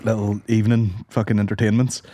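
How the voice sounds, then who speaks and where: A man's voice: fairly low pitch, flat delivery, a little fast, dark tone, dry recording. A man co-hosting a podcast, telling rambling, sweary comic stories and acting out voices. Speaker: podcast co-host. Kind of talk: casual comedic storytelling.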